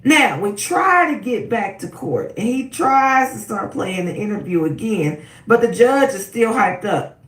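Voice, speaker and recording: Animated woman recapping a trial, echoey. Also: medium pitch, a little slow, hardly any pauses, recorded from a distance. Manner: animated, acts out quotes with sudden loud outbursts. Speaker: co-host recapping a court trial. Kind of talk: casual commentary. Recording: echoey room, voice off-mic.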